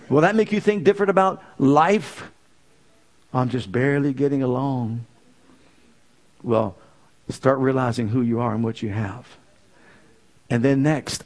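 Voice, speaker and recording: A man preaching a sermon, firing off rhetorical questions and swinging from fervent exclamations down to low, quiet lines. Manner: rising to fervent exclamations, then dropping low; asks the audience rapid rhetorical questions.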